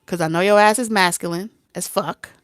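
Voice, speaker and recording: A woman's voice: fairly low pitch, fairly even intonation, fairly quick, dry recording, studio quality. A woman tarot reader talking casually, blunt and streetwise, who laughs often and acts out both sides of a conversation. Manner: laughs often and slips into soft whispers. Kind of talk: casual talk to camera.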